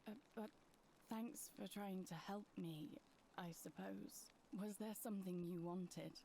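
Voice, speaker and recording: An actress playing a weary young woman recovering from poisoning, speaking slowly and reluctantly in video game dialogue. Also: mid-range voice, fairly even intonation, vocal fry, dark tone, a little hiss or hum. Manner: slow, tired, reluctant.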